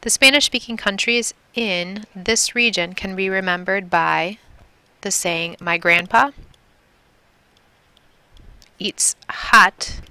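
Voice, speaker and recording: Her mid-range voice sharp, clear and resonant, a woman from Milwaukee, Wisconsin, USA, patiently repeats and drills Spanish words in a recorded classroom lesson. She goes a little slow, and there's no room sound.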